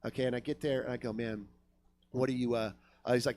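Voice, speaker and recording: A man telling a wild stand-up story on a club stage, swinging from loud to hushed and yelling in the quoted bits. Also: mid-range voice, flat delivery, fast, a little hiss or hum. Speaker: stand-up comedian. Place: comedy club stage with live audience.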